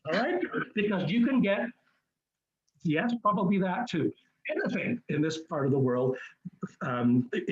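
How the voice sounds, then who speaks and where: A man's voice: on the high side, muffled recording. A man hosting a group cruise webinar, chatty and enthusiastic, rambling with many restarts. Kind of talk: casual webinar presentation. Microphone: computer mic on a video call.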